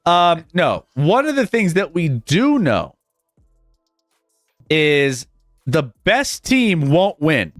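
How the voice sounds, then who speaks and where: A lively man hosts a sports betting livestream with casual sports talk, his higher voice swinging up and down. He speaks slowly with long pauses, chuckles often, and stumbles and restarts before pressing on. The recording is dry and close, with faint music underneath.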